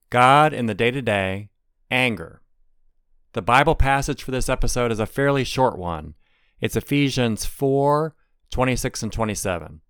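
A man's voice: lowish voice, fairly bright tone, clear, resonant tone, no room sound, clean studio sound. A middle-aged man hosting a devotional podcast, explaining things earnestly. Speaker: podcast host.

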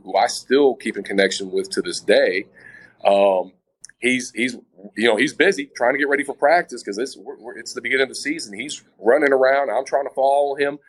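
This man's voice is medium in pitch with a breathy edge, captured on a rough recording. He's being interviewed and shares a personal story casually, often starting sentences over and addressing the listeners directly as guys.

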